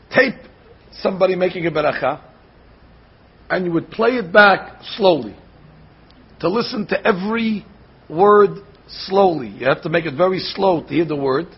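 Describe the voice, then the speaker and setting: A man giving a Torah class as a rabbi, animated, slowly sounding out words to show how they should be said. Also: high-pitched, husky. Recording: dull lo-fi recording.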